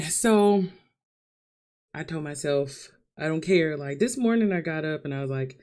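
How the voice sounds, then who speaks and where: A woman's voice: low voice, lively intonation, measured pace, a little mellow. A young woman talking to camera in a vlog, crying and nervous, laughing through her tears. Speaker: vlogger. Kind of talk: emotional vlog confession.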